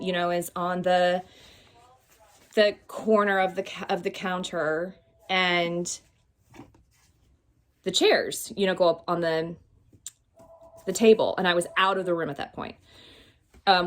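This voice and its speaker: A woman hosting a casual vlog in a vintage clothing storeroom, filmed on a phone. She tells a story and shows items in a rambling, chatty way, with many fillers and self-corrections, and she laughs easily. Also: on the low side. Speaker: vintage shop host showing items. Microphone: phone held by a helper.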